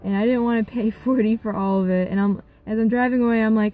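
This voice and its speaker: Young woman, mellow warm tone, rambling casual storytelling, faint music underneath. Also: medium pitch, fast, few pauses, rough recording. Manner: rambling, animated retelling with quoted dialogue. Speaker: gaming vlogger.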